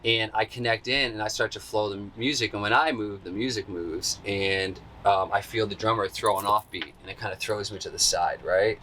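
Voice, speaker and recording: Laid-back man, bright tense tone. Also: lowish voice, normal speed, few pauses, a little hiss or hum. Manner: animated, acts out quotes in a raised voice. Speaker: interview guest. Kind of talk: casual storytelling.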